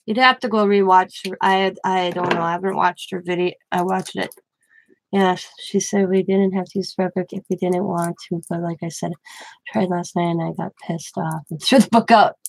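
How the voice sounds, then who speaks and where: A woman's voice: fairly low pitch, steady tone, moderate pace, gravelly. A woman hosting a casual crafting livestream from home, chatting with viewers by name and often restarting her sentences. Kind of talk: casual live-stream chat.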